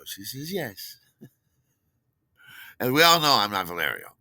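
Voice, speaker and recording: A man telling a story in a casual, animated way, delighted with his own tale and acting out quoted lines with big jumps in voice. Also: fairly low pitch, unhurried, gravelly, no room sound.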